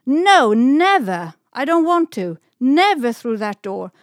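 A woman voicing an excitable young dog girl. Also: medium pitch, normal speed, no room sound, clean studio sound, lightly acted. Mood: fearful. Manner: wide-eyed, excited, a little fearful.

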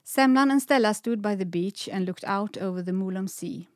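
A woman's voice: mid-range voice, normal speed, no echo, clean studio sound. Woman reading a children's story.

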